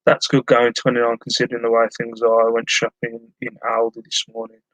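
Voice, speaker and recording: Male streamer, middle pitch, dry close sound, casual and chatty, hums while he works. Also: completely flat delivery, a little fast, fairly bright tone, no echo, low-quality recording. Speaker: online reseller streaming live. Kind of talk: casual live-stream chat while packing orders. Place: at home, indoors.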